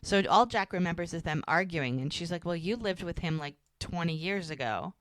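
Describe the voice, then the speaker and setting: In clean studio audio without echo, a woman with a lowish voice chats casually at normal speed, recapping a TV episode for a podcast. Her retelling is animated, and she performs the characters' lines, framing them with "she's like."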